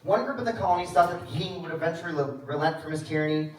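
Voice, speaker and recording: Energetic man leading a class, echoey hall. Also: a little high, racing. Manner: energetic, calls on students and prompts the crowd. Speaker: presenter leading a classroom history show. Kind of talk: lively classroom presentation. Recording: echoey room recording from far off, noisy.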